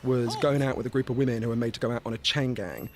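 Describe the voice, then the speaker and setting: Fast-talking British man telling stories. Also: medium pitch, a little hiss or hum. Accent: British English. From Britain. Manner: animated storyteller, swears freely, acts out voices in anecdotes. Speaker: guest, journalist and author. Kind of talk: casual podcast conversation.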